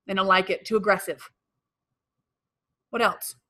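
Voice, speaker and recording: A woman's voice: mid-range voice, steady tone, a little slow, pushed and bright. A woman sales trainer leading a live workshop, quizzing the room and repeating the audience's answers back to them. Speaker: real estate sales trainer.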